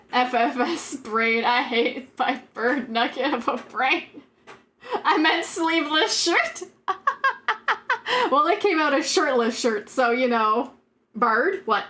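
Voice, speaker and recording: A high-pitched woman chatting on her live stream, unhurried in her delivery. She rambles, giggles often and leans on filler words as she reacts to chat. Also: animated, bright, forceful tone.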